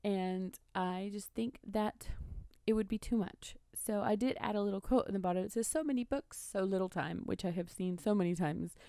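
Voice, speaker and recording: A woman's voice: medium pitch, steady tone, moderate pace, warm tone, no room sound, clean studio sound. A woman chatting casually over her own journaling footage, rambling and correcting herself with small laughs. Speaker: bullet journal vlogger.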